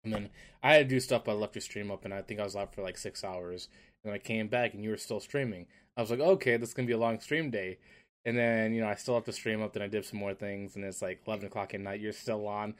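A man co-hosting a podcast in casual chat, telling stories in an animated way. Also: on the low side, fast. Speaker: podcast co-host.

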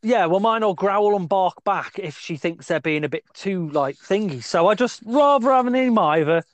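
Lively, high-voiced English man chatting. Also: normal speed, no echo. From English West Midlands. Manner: swearing, laughing, jokey. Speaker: podcast co-host. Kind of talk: casual banter.

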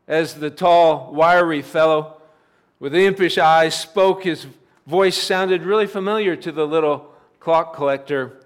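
A man telling a story during a sermon, with a voice that sits slightly high. He talks in a plain, repetitive cadence, piling up simple clauses one after another. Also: measured pace, clean tone. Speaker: pastor.

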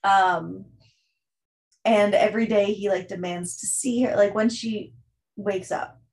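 Woman doing casual book chat, lots of fillers, mid-pitched voice. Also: steady tone, slow, darkish tone. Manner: chatty plot recap with many fillers. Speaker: book podcast co-host.

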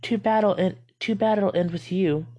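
Creepy mock-sweet mother voice, high and sing-song, done by a man. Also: moderate pace, warm tone. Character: monster mimicking a sweet mother, falsely tender.

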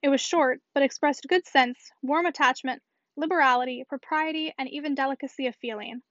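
Woman audiobook narrator, high voice, dry dull recording. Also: a little fast, a bit bright, no echo. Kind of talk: scripted narration.

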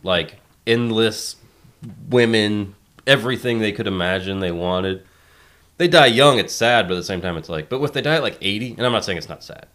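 A young man with a fairly low voice co-hosting a podcast. He is blunt and wry in casual chat and keeps asking his co-hosts questions. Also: normal speed, a bit bright. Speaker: podcast co-host.

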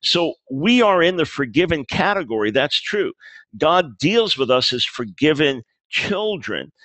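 A man's voice: a little high, sing-song, unhurried, fairly bright tone, dry recording. Earnest man explaining in a dry close sound. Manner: earnest, explanatory, restarts phrases, quotes dialogue. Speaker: author being interviewed. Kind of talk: conversational interview.

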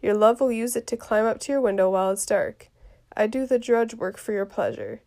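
A grumbling old nursemaid who drags out her news, as a woman reads her from a play. The voice is gravelly with fry and a dark, mellow tone, pitched a little high, read in a quiet, low-key way. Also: expressive, a little fast. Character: fussy complaining old nursemaid. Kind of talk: reading a play aloud.

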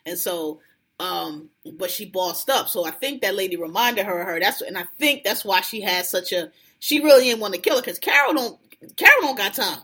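A woman's voice: mid-range voice, normal speed, breathy edge. A woman hosting a podcast, chatting casually and profanely about a TV episode, acting out characters' lines. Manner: animated, profane, laughs often, acts out characters' lines. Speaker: podcast host. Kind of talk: casual TV recap chat.

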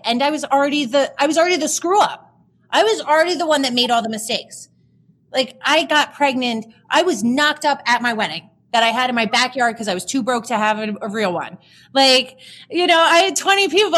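A woman's voice: high-pitched, a bit bright. A woman in her thirties telling her personal story as a podcast guest, chatty and emotional, with many fillers.

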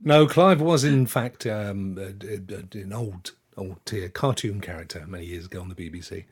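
A man's voice: on the low side, normal speed, crowd noise. A man from the UK hosting a casual gaming podcast, jokey and rambling, chuckling as he talks. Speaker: podcast host.

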